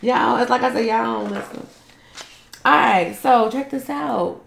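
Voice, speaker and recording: A woman's voice: a little high, unhurried, creaky. A woman co-hosting a casual gossip chat, teasing and laughing a lot. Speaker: co-host. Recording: echoey room with faint noise.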